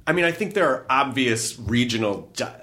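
A man's voice: medium pitch, lively intonation, bright, forceful tone. A man from the United States hosting a talk show, rambling and chatty with lots of restarts. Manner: rambling, halting restarts, laughs often. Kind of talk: casual chat.

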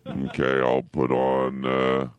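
A man's voice: rumbling low, monotone, takes it slowly, dull audio. A man putting on an impression of a furious, foul-mouthed celebrity calling in and hurling threats and insults. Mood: gruff.

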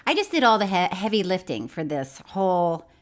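A woman co-hosting a casual podcast, her voice lively and swinging up and down as she talks. She teases her partner, laughs often and drops into low muttered asides while she walks through a crime story. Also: brisk. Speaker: podcast co-host. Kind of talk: casual chat, recapping a true-crime documentary.

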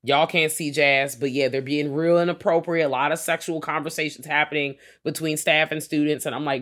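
A man's voice: a little high, steady tone, brisk, few pauses, a bit bright. Slangy man co-hosting a film podcast. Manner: loose, slangy and profane, heavy on filler words. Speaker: podcast co-host. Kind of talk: casual film-review chat.

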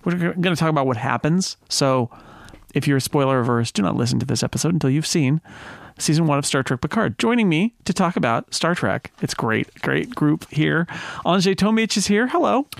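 A man hosting a casual panel podcast, chatty and quick to laugh, often correcting himself mid-sentence. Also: a little high, lively intonation, vocal fry, no echo, studio quality. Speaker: podcast host.

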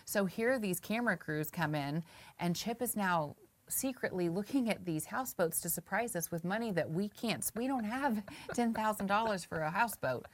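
A woman's voice: mid-range voice, expressive, normal speed. A woman in her forties in casual conversation, telling a story and acting out her own past thoughts. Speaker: guest.

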